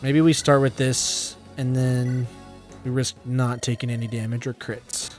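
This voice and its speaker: A man talks through a strategy game as he plays, chatty and a little self-deprecating as he thinks aloud. His voice sits at a middling pitch, with faint game music underneath. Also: little pitch movement, unhurried, a little mellow. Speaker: video game let's-player. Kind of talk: casual gameplay commentary.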